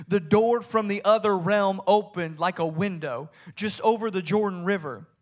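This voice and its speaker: A man preaching a sermon, reading scripture and telling the story dramatically, swinging from soft storytelling to shouted high points. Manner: reads scripture aloud in King James wording.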